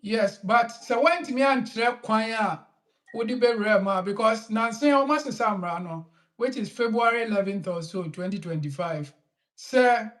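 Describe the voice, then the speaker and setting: A man, a lawyer who explains immigration rules slowly and mixes English legal terms into his Twi. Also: high voice, fairly bright tone. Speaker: lawyer answering questions. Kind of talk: explanatory talk in a live online session.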